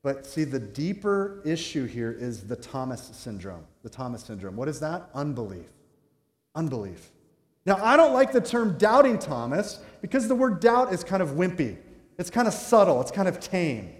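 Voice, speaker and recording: A man preaching a sermon as a pastor, animated and joking, and acting out quoted voices. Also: a little high, normal speed. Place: church sanctuary. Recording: echoey hall with long reverb.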